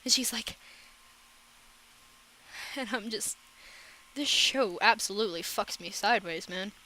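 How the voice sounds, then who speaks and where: A woman's voice: medium pitch, sharp tone, slight background noise, low-quality recording. A woman chatting casually in a rambling, profane reaction vlog. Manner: rambling, profane, quick asides. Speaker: reaction vlogger.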